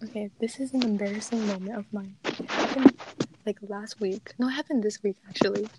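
A teenage girl chatting casually and telling a story, animated and giggly, laughing often. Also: medium pitch, a little fast, heavy background noise. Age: teens. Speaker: podcast co-host.

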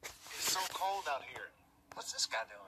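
A man putting on a high, whiny voice for a complaining character. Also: very animated, a little slow, bright, forceful tone, slight background noise, heavily acted.

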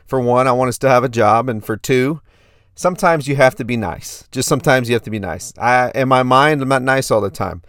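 A man's voice: mid-range voice, no echo, clean studio sound. A man in his thirties hosting a fitness podcast, telling a story in a hyped, repetitive way. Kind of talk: casual podcast monologue.

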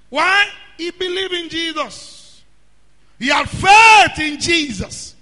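A man preaching a sermon, often shouting and drawing out words. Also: extremely high pitch. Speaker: pastor. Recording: hall reverb.

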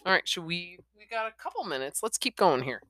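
A woman giving wry, animated commentary in a casual book discussion. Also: lowish voice, fairly quick, no echo.

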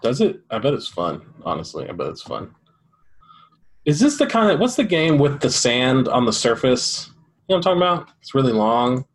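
A man in casual chat, animated and chatty, jumping in with questions. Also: medium pitch, moderate pace.

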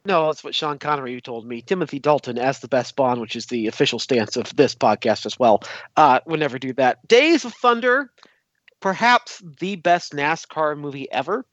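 A man on a podcast over a video call, joking in a deadpan, measured way. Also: on the high side, no room sound. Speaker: podcast co-host. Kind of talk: casual podcast chat. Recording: dull lo-fi call audio.

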